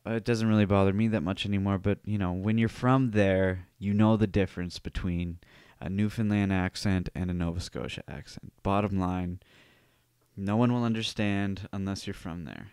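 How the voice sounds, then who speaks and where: Cape breton guy hosting a podcast, smooth clear voice, dry close sound, rambly and sweary. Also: low-pitched, moderate pace, darkish tone, no echo. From Cape Breton Island, Canada. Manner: rambling, profane, wry. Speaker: podcast host. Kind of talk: casual podcast chat.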